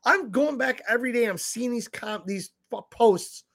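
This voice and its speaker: A man with a notably high voice chats bluntly in casual banter. He swears freely and gives his opinions without softening them. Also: moderate pace, vocal fry. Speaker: podcast co-host.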